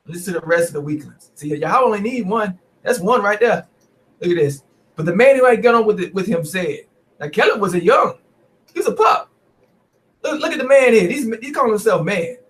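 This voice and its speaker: A man preaching, reading scripture with animated, mocking commentary, often restarting and asking "right?". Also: high-pitched, a little fast.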